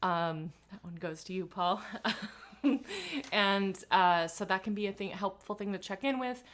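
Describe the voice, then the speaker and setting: A woman vocal coach leading a live online singing warm-up in a relaxed, chatty way, humming and singing examples between instructions. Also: mid-range voice, normal speed. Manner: relaxed, chatty guidance with hummed and sung demonstrations.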